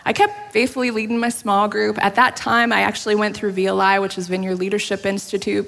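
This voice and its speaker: A woman's voice: mid-range voice, creaky, a bit bright. A woman preaches a sermon in a church sanctuary, her voice trailing into a long hall reverb. She tells her story candidly and with self-deprecating humor, breaking into little laughs along the way. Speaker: pastor.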